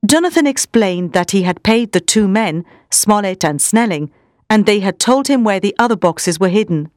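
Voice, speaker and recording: A woman narrating a classic story in a measured, expressive reading style. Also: medium pitch, no room sound, studio quality.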